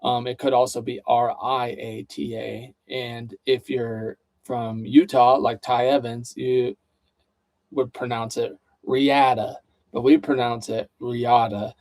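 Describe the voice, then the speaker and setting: A man's voice: medium pitch, little pitch movement, unhurried, darkish tone, dry recording. A man co-hosting a casual livestream chat, reading out viewer questions in an easygoing way. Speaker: co-host.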